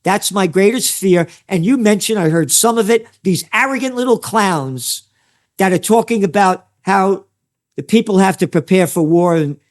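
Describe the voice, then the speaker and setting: A man's voice: high voice, normal speed. An older man from the Bronx with a New York accent, a trend forecaster ranting sarcastically and crudely as an interview guest. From New York City (the Bronx). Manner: sarcastic, crude, mocking asides. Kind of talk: heated interview rant.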